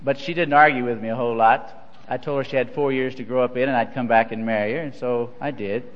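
A man's voice: medium pitch, fairly even intonation, fast, slight background noise. Older man, folksy storytelling sermon, self-deprecating, dull lo-fi archive sound, long hall reverb. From Missouri. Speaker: church leader. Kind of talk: humorous anecdotal sermon. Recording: dull, echoey hall recording.

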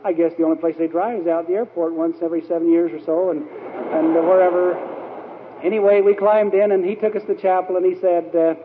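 Slightly fast and high-pitched with a steady tone, a man preaches a sermon built on rambling anecdotes and lots of fillers. Background noise joins the tinny echo of an old hall recording.

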